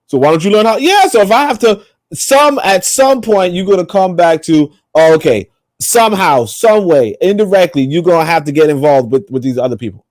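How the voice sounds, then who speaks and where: On a podcast, a male co-host with a high, animated, slightly mellow voice talks fairly quickly in a rambling, emphatic, profane way. It's casual, opinionated chat, recorded with clean studio sound and no echo.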